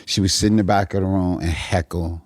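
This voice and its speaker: Low-voiced comedian telling stories. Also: male voice, a little fast, no echo, clean studio sound. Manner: animated, profane, acts out the characters in his stories. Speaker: guest comedian. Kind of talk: storytelling in a podcast chat.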